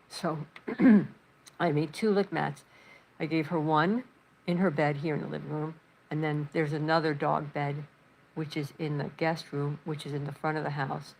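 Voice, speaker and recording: Livestream host, woman, low gravelly voice, rambling chatty storyteller in her living room. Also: slight background noise, low-quality recording. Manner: reads chat messages aloud. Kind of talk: casual livestream chat.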